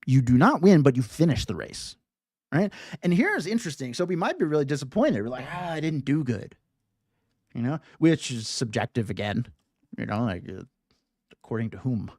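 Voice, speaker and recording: Talking fairly quickly to a live class, this meditation teacher keeps things conversational and playful, repeatedly asking "right?" with lively swings in pitch. The sound is clean studio quality without any echo.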